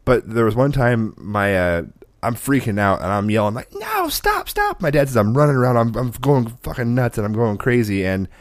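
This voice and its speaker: A man with a somewhat low voice tells a long, rambling story in a casual chat. He laughs often and backtracks as he goes. The sound is close and dry, with no room around it. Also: a little fast, no echo. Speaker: podcast co-host.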